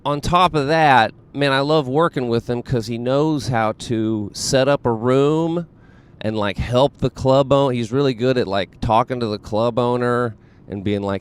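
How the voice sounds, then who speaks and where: A man's voice: medium pitch, a little slow, smooth. A man hosting his own show as a comedian, in a rambling, self-deprecating monologue full of fillers, with a Southern US accent.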